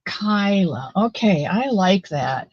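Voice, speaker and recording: Woman livestream host, slow rambling chat, dry close sound. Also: medium pitch, lively intonation, slightly rough, no room sound, dull audio. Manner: rambling, chatty, many fillers, greets viewers by name.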